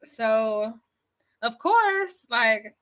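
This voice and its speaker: A woman's voice: a little high, very animated, drawn-out words, fairly bright tone. A woman vlogger telling a story casually into her phone, chatty, with lots of fillers and restarts. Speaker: YouTube commentary vlogger.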